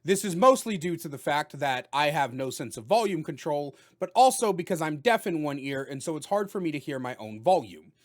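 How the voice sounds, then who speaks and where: A man giving a casual spoken video game review, talking loudly with jokes and animated delivery. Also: on the high side, brisk, hardly any pauses. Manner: loud, animated and joking.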